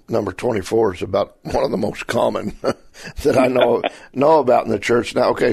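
A man's voice: fairly low pitch, vocal fry, darkish tone, breathy edge, dry recording. A man hosting an interview and asking conversational questions. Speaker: interview host.

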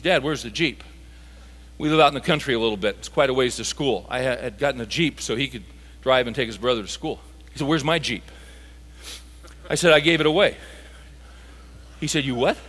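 Brief: high, bright-toned man preaching, animated, with long hall reverb behind him. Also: fairly quick, long pauses, faint music behind. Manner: animated, builds to emphatic peaks. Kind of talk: sermon. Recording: live talk in a reverberant hall.

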